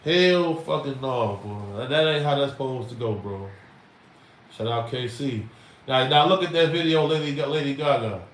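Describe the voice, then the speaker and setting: A man's voice: medium pitch, normal speed. A middle-aged man, hosting a livestream in an emphatic, rambling, slangy way. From Chicago. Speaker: livestream host. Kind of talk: casual livestream talk. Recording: roomy echo, far from mic, faint noise.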